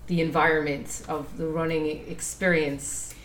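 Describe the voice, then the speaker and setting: Woman interviewer, deep voice, echoey room, short affirming replies. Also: level tone, measured pace, a bit bright, slight background noise. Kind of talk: casual interview.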